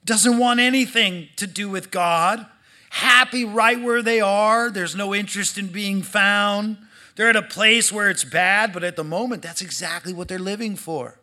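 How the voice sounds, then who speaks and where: Bright, high-voiced animated preacher man. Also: measured pace. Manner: animated, acts out quoted voices, swings from loud to hushed. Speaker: pastor. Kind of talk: sermon.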